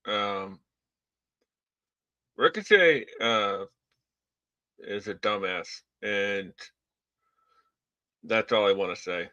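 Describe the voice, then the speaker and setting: A man with a Boston accent co-hosting a wrestling podcast in casual chat, stammering and halting with many fillers. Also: lowish voice, pushed and bright, no echo, highs cut off.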